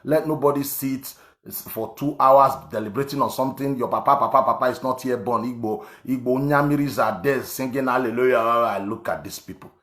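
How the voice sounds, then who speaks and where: A man's voice: mid-range voice, fairly quick, a bit bright. A Nigerian man around fifty, talking politics in an emphatic, repetitive way, with many fillers and restarts. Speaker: online commentator. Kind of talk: political commentary monologue. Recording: echoey room.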